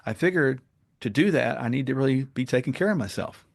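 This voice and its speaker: A podcast guest with a gravelly, medium-pitched voice talks a little fast in casual interview conversation. He tells stories earnestly and grows animated as he goes.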